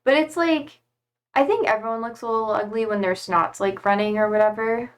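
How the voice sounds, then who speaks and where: A woman's voice: a little high, a little fast. A woman live-streaming from home, chatting casually and rambling with lots of fillers as she reads viewer comments aloud into a desk mic.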